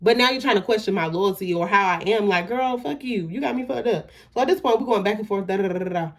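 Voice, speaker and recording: A woman's voice: mid-range voice, fast talker. A young woman telling a storytime on her vlog, indignant and emphatic, swearing freely and trailing off into "da, da, da" when she skips details. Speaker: storytime vlogger.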